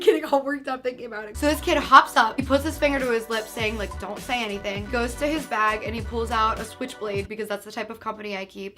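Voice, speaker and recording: Animated high-voiced young woman telling a story. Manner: animated, acts out quotes and sounds, drops to a hush for tense parts. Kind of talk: casual storytelling to camera.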